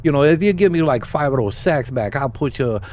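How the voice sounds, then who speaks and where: A man's voice: medium pitch, lively intonation, darkish tone, slight background noise, voice pushed up, natural voice. A man reading as a rambling goblin quest-giver. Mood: put-upon. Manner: rambling, halting with fillers.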